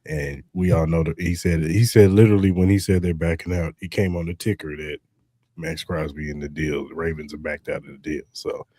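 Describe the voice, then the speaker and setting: A man's voice: rumbling low, fairly even intonation, fairly quick, dark tone, slightly rough, no echo, studio quality. A man hosting a podcast, casually recapping a clip with loose fillers. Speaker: podcast host.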